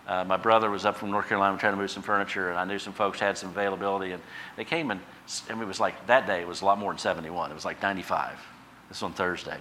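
Male pastor, bright and forceful tone, impassioned sermon delivery with chatty asides. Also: lowish voice, slight background noise. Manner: impassioned preaching, swells loud on repeated phrases then drops quiet; conversational asides to the congregation.

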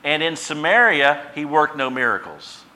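Male pastor, bright and forceful tone, impassioned sermon delivery with chatty asides. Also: a little high, expressive, moderate pace. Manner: impassioned preaching, swells loud on repeated phrases then drops quiet; conversational asides to the congregation.

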